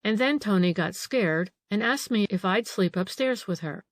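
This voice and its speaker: A woman's voice: medium pitch, expressive, normal speed, dry recording, lightly acted. A woman voicing a frightened middle-aged female housekeeper in an audiobook, anxious and eager to please. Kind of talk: audiobook character reading.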